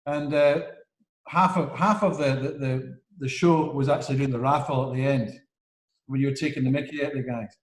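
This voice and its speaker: A man's voice: medium pitch, fairly even intonation, fairly quick, roomy sound, low-quality recording. A man hosting an interview over a video call, rambling, with many restarts and fillers. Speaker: interview host. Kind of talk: casual interview chat.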